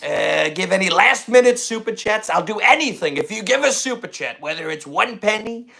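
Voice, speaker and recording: A man's voice: high-pitched, animated, moderate pace, gravelly, sharp tone. A man hosting a comedy podcast, rambling and boastful, repeating himself as he riffs. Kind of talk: casual comedy podcast chat.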